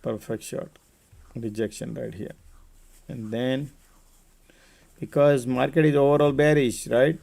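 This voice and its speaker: Gravelly man streaming live market talk. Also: medium pitch, fairly even intonation, unhurried, long pauses, a little mellow. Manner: casual, chatty, talks to viewers by name. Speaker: trading stream host.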